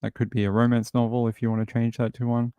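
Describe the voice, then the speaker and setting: A man's voice: mid-range voice, little pitch movement, quick pace, warm tone, clear, resonant tone, no echo. A man hosting a true crime show, commenting casually and wryly on news clips and mimicking the people in them. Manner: rambling, wry, mimics people in silly voices.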